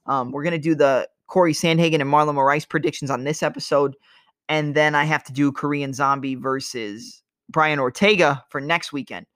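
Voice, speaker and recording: A man's voice: a little high, fairly even intonation, moderate pace, fairly bright tone, clear, resonant tone, no echo, clean studio sound. Chatty man breaking down fights. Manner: analytical, loose and chatty, vocalizes strikes with sound effects. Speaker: MMA analysis host. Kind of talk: casual fight breakdown monologue.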